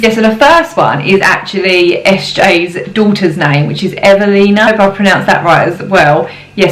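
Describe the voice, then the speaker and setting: A young mum talks casually to her camera, giggling often and filling pauses with ums. Her voice sits at an ordinary mid pitch, and the sound carries a noticeable room echo. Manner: chatty, giggly, with frequent ums. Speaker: parenting vlogger. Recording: roomy echo.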